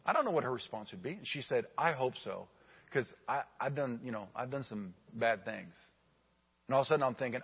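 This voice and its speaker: Animated pastor preaching in a big hall. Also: male voice, medium pitch, fairly quick, husky. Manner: animated storytelling, swings from loud to hushed. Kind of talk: sermon. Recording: dull lo-fi audio with long hall reverb.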